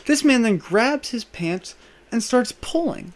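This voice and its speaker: A young man hosting a podcast, telling a rambling, profane comic story, swinging between loud rants and mumbled asides. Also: extremely high pitch, lively intonation, takes it slowly, a little hiss or hum. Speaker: podcast host. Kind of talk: rambling comedic monologue.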